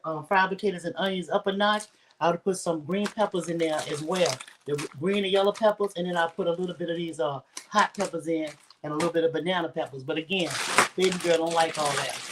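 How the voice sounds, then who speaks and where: A woman's voice: on the low side, recorded from a distance, noisy background. A middle-aged woman hosting a casual cooking livestream from her home kitchen, chatting straight to her viewers with lots of asides. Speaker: home cook livestream host.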